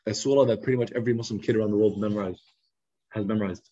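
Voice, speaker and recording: Homem de fala rápida e rouca. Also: male voice, lowish voice, rapid-fire, breathy edge. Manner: lively, conversational, acts out quotes. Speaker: youth study circle teacher. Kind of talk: casual storytelling lesson. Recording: slightly muffled lo-fi recording.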